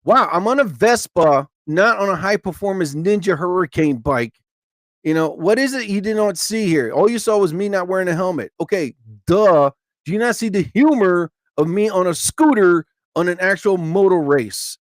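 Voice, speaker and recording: A lively middle-aged man talks on his live stream, his pitch leaping up and down as he plays out little scenes with other people's words. His voice sits a bit high for a man and is recorded dry and close, with no room sound around it. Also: normal speed, no echo. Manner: animated, acts out quotes in high voices. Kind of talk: casual live-stream chat.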